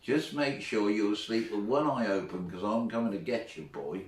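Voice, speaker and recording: A man putting on a gruff, menacing movie gunslinger voice with a low, slow growl. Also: close to an everyday voice. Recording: roomy, from far off the mic.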